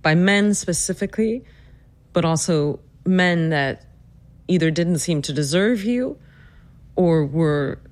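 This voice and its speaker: A narrator and host telling a personal family story, then questioning their mother, earnest and slowing down to stress points. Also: medium pitch, no room sound. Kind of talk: reflective personal narration and interview.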